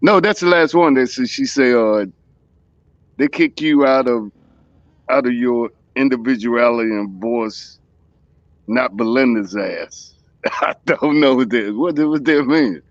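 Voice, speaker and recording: A man's voice: medium pitch, measured pace, no echo, muffled recording. A man from the American South with a Southern accent, chatting casually as a co-host and rambling through fillers and restarts. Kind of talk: casual chat.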